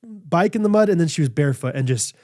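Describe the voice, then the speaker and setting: Casual chat and laid-back ad reads come from a thirty-something male podcast co-host whose voice is a little high and fast. His storytelling is rambling, animated, and heavy on fillers, and the studio recording is clean with no room sound.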